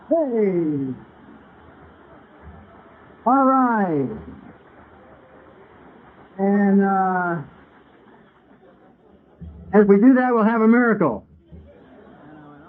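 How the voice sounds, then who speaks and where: A man's voice: high voice, animated, slow, long pauses. A man giving an AA talk, telling his story conversationally and acting out his past conversations. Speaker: AA speaker. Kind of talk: recovery talk to a meeting. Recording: tinny, phone-like old tape recording.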